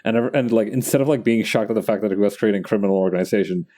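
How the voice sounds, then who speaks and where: Young male streamer, low and mellow, loose chatty rambling. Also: very fast. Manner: chatty, full of likes and restarts, laughs at himself. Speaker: streamer drawing live. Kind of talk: casual rambling chat while drawing.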